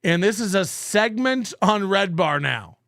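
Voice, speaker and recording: A man's voice: sits high, animated, a little slow, gravelly, a bit bright, no echo, clean studio sound. A man hosting a show, reacting to clips with sarcastic, profane commentary and frequent laughs.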